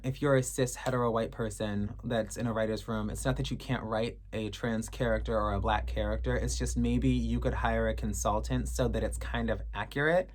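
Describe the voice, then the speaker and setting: With a voice pitched extremely low and a bit mellow, a thirtysomething woman talks casually to camera. She fields fans' questions with sass and candor, cursing without restraint.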